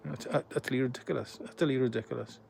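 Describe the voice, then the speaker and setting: A man's voice: medium pitch, fairly even intonation, rapid-fire, vocal fry, a little mellow, a little hiss or hum. A man in his sixties chatting casually to camera as a vlogger, rambling and self-deprecating. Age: 60s.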